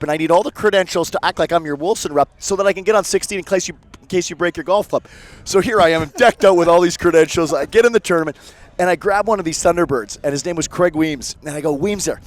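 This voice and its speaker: Fast-talking Canadian man telling stories. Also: high voice. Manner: rapid animated storyteller acting out quotes. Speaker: guest, former hockey player. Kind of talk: casual storytelling chat. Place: suite at a golf tournament.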